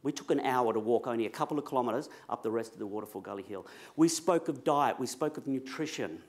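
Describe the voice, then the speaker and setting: A man's voice: mid-range voice, quick pace, darkish tone. A man telling a personal story to a live audience, chatty and self-mocking, now and then asking the crowd questions. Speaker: public speaker.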